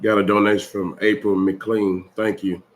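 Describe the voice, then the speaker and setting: A man's voice: on the low side, little pitch movement, moderate pace. A man reading viewer donations and their messages aloud, briefly and matter-of-factly.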